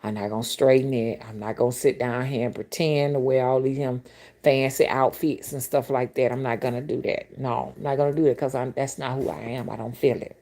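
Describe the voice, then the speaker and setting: Low-voiced woman telling blunt stories. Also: fairly even intonation, a little fast, mellow. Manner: blunt, colorful, exclamatory storytelling with asides to viewers. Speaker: rootworker and spiritual reader. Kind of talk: casual storytelling to camera.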